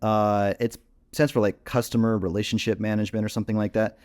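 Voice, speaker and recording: A man's voice: lowish voice, little pitch movement, quick pace, darkish tone. Casual filler-heavy man teaching on screen. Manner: casual, filler-heavy, talks while clicking through screens. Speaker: dating coach. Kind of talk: screen-share tutorial.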